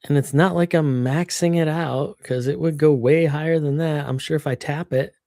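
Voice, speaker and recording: A woman's voice: deep voice, steady tone, moderate pace, warm tone, no room sound, studio quality. A woman chatting casually on a livestream, venting and swearing freely into her computer microphone.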